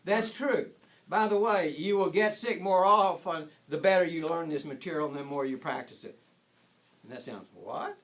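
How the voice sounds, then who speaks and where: A man's voice: on the high side, moderate pace, a bit bright. An older man giving an informal spiritual talk, rambling with frequent restarts and chuckling at his own points. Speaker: spiritual teacher.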